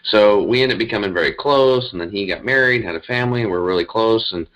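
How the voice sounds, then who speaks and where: A man with a deep, low voice tells his story as a guest. He rambles and talks in an animated, emphatic way. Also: fast talker, highs cut off. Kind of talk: conversational storytelling.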